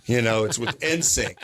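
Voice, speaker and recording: A middle-aged man from Sacramento who owns roller rinks, telling stories in a casual chat and acting out the voices of the people he quotes. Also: medium pitch. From Sacramento, California. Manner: animated, acts out quoted voices. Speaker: roller rink owner, podcast guest.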